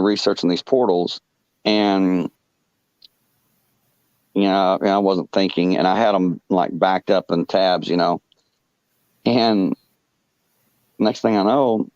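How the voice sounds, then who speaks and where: A man with a very deep, low voice tells a personal story in a halting, rambling way. He is full of fillers and restarts. The recording is dry and close, with a dull, muffled lo-fi sound. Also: a little mellow, no room sound. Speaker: podcast guest telling a personal story. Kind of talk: rambling first-person anecdote.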